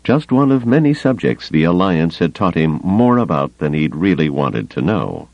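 A man reading an audiobook in a measured, expressive storytelling manner. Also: sits low, no echo. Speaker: audiobook narrator. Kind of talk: scripted audiobook narration. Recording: dry, slightly muffled studio recording.

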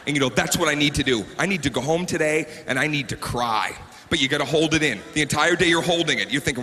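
Animated high-pitched male stand-up comic. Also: fast, in a large hall, slight background noise. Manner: animated, acts out characters and sobs for laughs. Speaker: stand-up comedian. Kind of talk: stand-up comedy routine. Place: stage before a live audience.

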